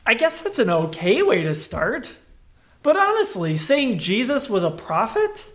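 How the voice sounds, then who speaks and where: A man's voice: very high voice, wildly swooping pitch, measured pace, a bit bright. A man preaching a sermon as a pastor, talking in a conversational but emphatic way and acting out the scripture with animation.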